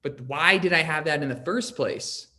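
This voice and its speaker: A man's voice: a little high, normal speed, bright, forceful tone. A young adult man hosting a podcast, telling his own story in a casual, rambling way, with lots of "like" and an earnest tone. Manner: rambling, heavy use of "like", earnest.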